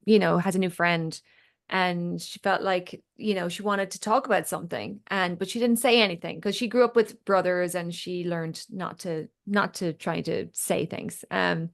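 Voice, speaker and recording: A woman's voice: on the low side, gravelly. An Irish woman coaching a small group in casual chat, a talker who tells stories and acts out what people said. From Ireland. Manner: chatty storyteller, acts out quoted speech. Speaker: voice and confidence coach.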